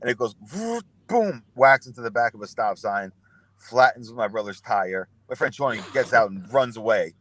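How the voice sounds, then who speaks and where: In a mid-range voice at normal speed, a young man on a podcast tells casual, profane, meandering stories and acts out other people's lines. There's no room sound on the recording.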